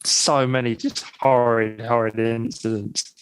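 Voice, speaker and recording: A man's voice: medium pitch, level tone, measured pace, clean tone, low-quality recording. A man co-hosting a podcast in casual chat, talking things through in thoughtful, longer runs. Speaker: podcast co-host.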